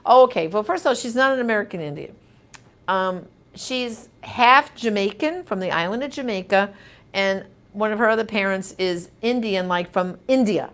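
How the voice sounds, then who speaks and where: Lady host going through viewer comments live, emphatic and chatty, mid pitch. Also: normal speed. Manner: animated, emphatic, conversational. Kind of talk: casual live comment reading.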